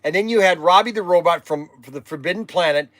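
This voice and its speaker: A man's voice: high-pitched, fast talker, a bit bright, dry recording. An older man hosting a livestream, rambling and exasperated, sighing while he chats. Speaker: livestream host.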